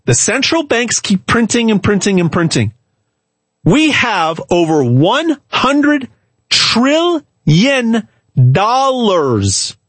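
A man giving an emphatic, hard-selling pitch straight to the viewer, repeating words and restarting often. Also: breathy edge, no echo. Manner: emphatic, repetitive, stumbles and restarts. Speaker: gold sales pitchman. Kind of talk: direct-to-camera sales pitch.

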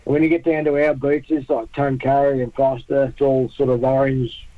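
A man's voice: mid-range voice, flat delivery, normal speed, no room sound, narrow, tinny audio. An Australian man presenting a surf report in casual radio chat, laughing often and bantering easily.

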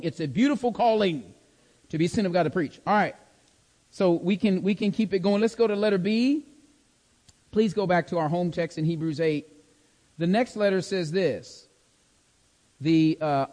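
In a large hall, a preacher teaches a Bible study in sermon style, speaking emphatically. His high, darkish voice stresses and repeats key words, and he asks the class to follow along to check they understand.

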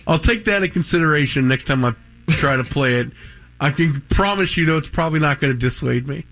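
A man's voice: on the high side, a little fast. A man in his thirties, co-hosting a talk show, telling a long anecdote in casual chat and acting out what people said. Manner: animated anecdote teller who acts out quotes. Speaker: radio show co-host.

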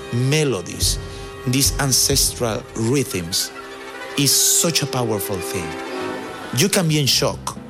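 A male orchestra music director speaking in an interview clip, reflective, in slow, halting phrases. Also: medium pitch.

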